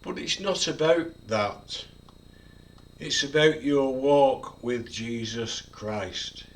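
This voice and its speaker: A man's voice: mid-range voice, takes it slowly, distant mic. A man in his seventies, a preacher giving a devotional talk, who repeats single words and leans hard on each one. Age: 70s. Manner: emphatic, repeats single words with heavy stress. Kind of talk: devotional video talk on a psalm.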